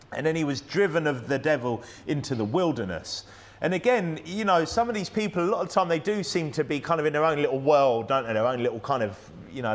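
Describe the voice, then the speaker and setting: A man with a British accent preaching a sermon in a church, talking conversationally with frequent restarts and tag questions. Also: medium pitch. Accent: British English. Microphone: plugged-in microphone.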